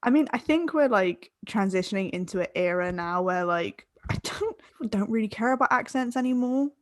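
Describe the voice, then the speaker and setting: A woman's voice: mid-range voice, expressive, normal speed, dry recording, clean studio sound. A tipsy woman from England co-hosting a podcast, rambling in casual chat and laughing mid-sentence. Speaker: podcast co-host.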